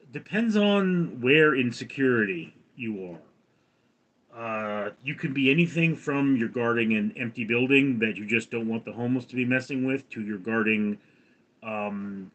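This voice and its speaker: American guy on a livestream reading out chat comments, rambly, restarts a lot, average pitch. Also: fairly bright tone. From United States. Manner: rambling, reads viewer comments aloud and chats back. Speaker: livestream host.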